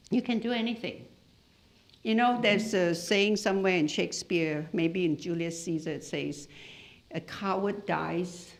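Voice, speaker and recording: A middle-aged woman from Malaysia lecturing a class as a hypnotherapist. She tells stories in an animated way, her pitch swinging widely as she goes. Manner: storytelling, lively and animated, with laughs. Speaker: hypnotherapist giving a talk.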